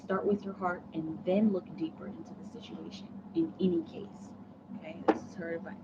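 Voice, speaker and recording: A woman's voice: lowish voice, fairly even intonation, brisk. A woman giving a live tarot reading in a chatty, rambling way with many fillers. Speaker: tarot reader. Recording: dull lo-fi sound with background noise.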